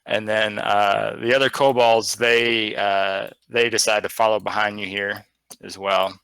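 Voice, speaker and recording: A man's voice: lowish voice, flat delivery, a little slow, creaky, fairly bright tone, clear, resonant tone, dry recording. A man narrating as game master in a loose, rambling way, with frequent fillers.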